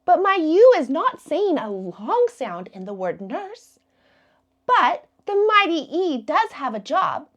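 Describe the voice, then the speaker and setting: A woman who teaches kindergarten, giving a slow, encouraging phonics lesson to young children and drawing out each letter sound. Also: high-pitched, very animated, a bit bright, highs cut off.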